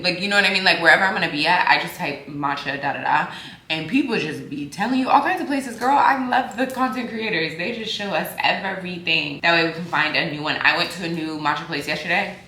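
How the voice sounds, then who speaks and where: A woman's voice: on the low side, bright, forceful tone. A tired woman chatting casually to her viewers in a vlog, candid and talkative. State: sleepy and tired. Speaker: vlogger. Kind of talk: casual vlog talk to camera. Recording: roomy echo, faint background noise.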